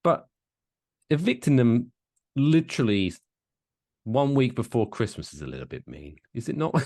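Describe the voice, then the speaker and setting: A man's voice: medium pitch, unhurried, long pauses, no room sound, studio quality. A man, co-hosting a casual podcast with jokes and swearing. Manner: animated, swearing, jokey. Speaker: podcast co-host.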